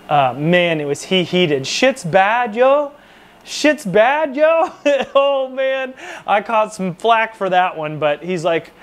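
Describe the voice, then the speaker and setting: A man casually telling a rambling, profane, self-mocking story to camera about his time in the military. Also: high voice.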